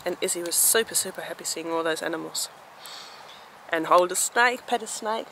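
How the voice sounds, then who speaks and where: A woman's voice: lowish voice, moderate pace, sharp tone, a little hiss or hum, low-quality recording. A young woman chatting casually to camera as a travel vlogger, upbeat and laughing often, sometimes talking to her toddler, recorded outdoors on a handheld camera. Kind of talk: casual travel vlog chat. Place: outdoors at a beach and a busy reptile park.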